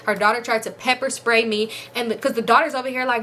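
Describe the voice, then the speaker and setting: A woman vlogger telling a casual storytime, animated and slangy, with a slightly high, bright and crisp voice. She keeps slipping into quoted voices of the people in her story. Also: quick pace, a little hiss or hum.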